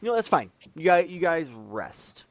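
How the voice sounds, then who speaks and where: A man's voice: on the high side, big pitch swings, unhurried, no room sound. A man who is the game master, casually running a tabletop game online and often hesitating with "um" as he explains the rules. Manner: casual, hesitant with many ums.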